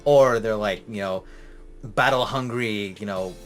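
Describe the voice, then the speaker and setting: A man's voice: on the low side, a little slow, soft background music. A man co-hosting a casual podcast chat, teasing with dry humor and often restarting his sentences. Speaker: podcast co-host.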